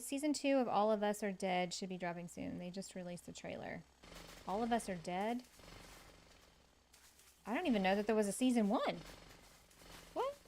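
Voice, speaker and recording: A woman's voice: mid-range voice, a little mellow, slight background noise. Chatty woman streaming a game. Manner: chatty, laughs often, reads and answers chat. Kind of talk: casual gaming stream chat.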